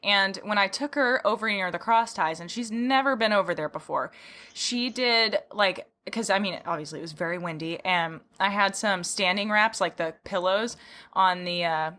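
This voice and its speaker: A woman's voice: medium pitch, moderate pace, bright, forceful tone. A woman hosting a horse-training podcast, chatting casually, giggling often and acting out her own reactions. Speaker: podcast host.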